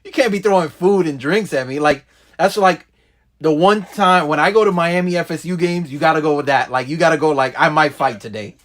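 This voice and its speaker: A man with a notably high voice hosts a loose conversation, laughing often and putting on hyped-up voices for comic quotes. He speaks in a relaxed, easygoing way. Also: a little fast. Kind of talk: casual chat.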